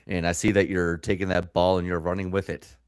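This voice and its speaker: A man's voice: low voice, clear, resonant tone, no room sound. A man with a Canadian accent co-hosting a comedy podcast, reacting and laughing readily in loose banter. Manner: animated, quick to laugh and react. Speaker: podcast co-host.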